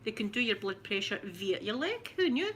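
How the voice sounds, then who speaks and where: A middle-aged Scottish woman chats to her live viewers in a rambling, giggly way, often restarting her sentences. Her voice is bright and forward, with a faint hum of background noise under it. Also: medium pitch, very animated, normal speed. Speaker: ASMR livestream host. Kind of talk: casual live chat with viewers.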